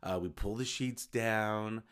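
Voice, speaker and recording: A man's voice: lowish voice, slow, fairly bright tone, clear, resonant tone. Casual, rambling male podcast host. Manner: rambling, self-correcting, informal. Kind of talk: casual solo podcast talk.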